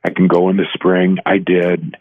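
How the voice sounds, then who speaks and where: Low-voiced older man on a phone line. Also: completely flat delivery, no room sound. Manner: halting, earnest storytelling with restarts. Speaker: guest. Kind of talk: personal testimony in an interview. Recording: tinny dry phone line.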